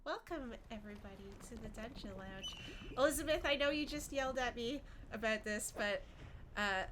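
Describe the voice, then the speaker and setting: A woman's voice: fairly high pitch, moderate pace, fairly bright tone, a little hiss or hum. A woman streaming a game with a stuffy nose from a cold, chatting casually with her viewers, with game music underneath. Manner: chatty, reads chat aloud, yelps when startled. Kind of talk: casual gameplay live stream.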